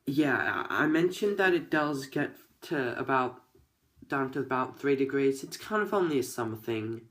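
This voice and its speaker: A man's voice: mid-range voice, lively intonation, normal speed, fairly bright tone. A young man in his late teens with an Australian accent, chatting casually to camera in a rambling, jokey way that keeps restarting sentences. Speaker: vlogger.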